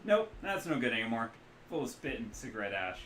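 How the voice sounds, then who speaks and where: A man plays a cheerful, hungover back-alley doctor in middle age, loud and boastful with a folksy Midwestern accent. His medium-pitched delivery is sing-song and fairly quick. The room sounds roomy with noticeable echo, and there's a little hiss or hum.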